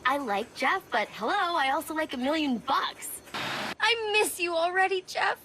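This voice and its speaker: A woman's voice: high-pitched, lively intonation, moderate pace, background noise. An actress voicing a lovesick teenage girl contestant in a cartoon, flustered and dreamy as she talks. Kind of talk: cartoon voice acting.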